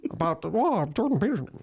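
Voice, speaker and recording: A man's voice: high-pitched, darkish tone, slightly rough. Sweary joking man. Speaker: podcast co-host. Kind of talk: casual comedic chat.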